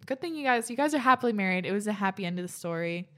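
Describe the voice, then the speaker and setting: A woman's voice: mid-range voice, animated, very fast, pushed and bright. A young woman host reading listeners' stories aloud and reacting between them, chatty and laughing often, swearing casually.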